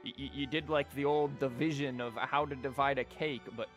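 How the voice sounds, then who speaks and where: A young male streamer chatting casually over his gameplay, rambling, joking and tripping over his words. His pitch is mid-range, and soft game music is faintly heard behind him. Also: steady tone, normal speed.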